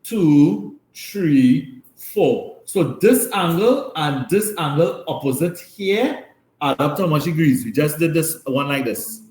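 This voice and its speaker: A man's voice: on the high side, animated, slow pace, a little mellow. Man teaching maths, roomy echo. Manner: explains step by step, often checks with "right?". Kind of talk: classroom lesson. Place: classroom.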